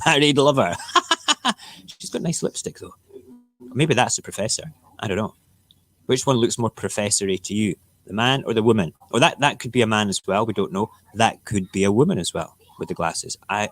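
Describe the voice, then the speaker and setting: A man hosting a casual morning talk show, ranting and rambling in an opinionated way. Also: on the low side. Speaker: radio show host.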